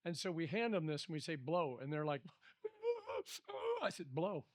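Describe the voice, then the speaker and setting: A middle-aged pastor leads a Bible study, telling stories in an animated, conversational way. His voice sits fairly high for a man. The sound is dry and close, with little room. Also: fast, no room sound.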